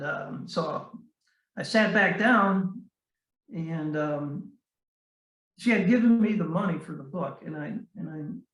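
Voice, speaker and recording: High-voiced guy telling his story on a podcast, earnest, keeps restarting, sounds far off the mic in a roomy space. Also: fairly bright tone. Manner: halting, with frequent restarts and fillers; earnest and heartfelt. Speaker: guest, Navy veteran and author. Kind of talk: casual storytelling in a podcast interview.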